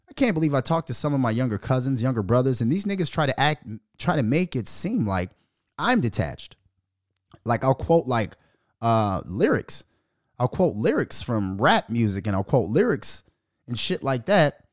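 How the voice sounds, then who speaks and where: Animated, profane male podcast host. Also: mid-range voice, fairly quick, dry recording, studio quality. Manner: animated and profane, mocking voices of others. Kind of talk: ranting podcast monologue.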